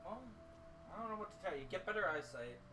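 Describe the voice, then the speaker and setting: A woman's voice: on the low side, lively intonation, fast, background noise. A woman bantering casually at a tabletop game table, teasing and sarcastic, laughing often.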